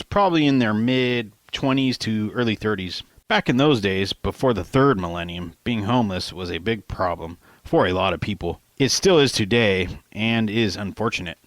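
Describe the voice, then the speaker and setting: A man narrates his own novel in a casual, conversational way, with slang slipping in. His voice sits fairly low. The recording is close and dry, with no room sound. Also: no room sound. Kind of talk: audiobook narration.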